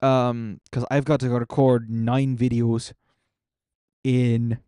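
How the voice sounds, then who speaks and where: A man's voice: medium pitch, little pitch movement, slow, warm tone, clean tone, no room sound, studio quality. A young man streaming a game, rambling casually and answering his chat as he signs off. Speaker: gaming streamer.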